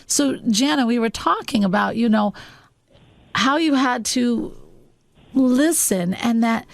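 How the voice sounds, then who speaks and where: Brief: female talk show host, soft and earnest, high gravelly voice, dry studio sound. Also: lively intonation, slow, no room sound. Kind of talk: radio talk show hosting.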